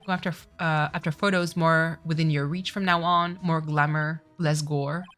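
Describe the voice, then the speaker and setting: A woman's voice: sits low, fairly even intonation, moderate pace, a bit bright, faint music behind. A woman reading as a brash young photographer.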